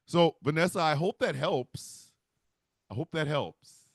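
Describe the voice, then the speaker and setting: A man telling a comic story in an animated, profane, rambling way. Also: a little high, a little slow, dry recording, studio quality. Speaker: comedian host.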